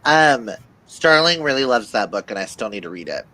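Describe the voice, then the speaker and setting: A man's voice: mid-range voice, sing-song, moderate pace, pushed and bright. A man hosting a casual video call chat, telling stories with acted-out quotes. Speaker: host.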